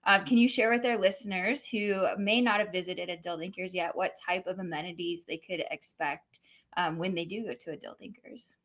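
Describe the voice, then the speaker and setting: A woman co-hosting a podcast, asking polite, measured interview questions. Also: on the low side, steady tone, fairly bright tone. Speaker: podcast co-host.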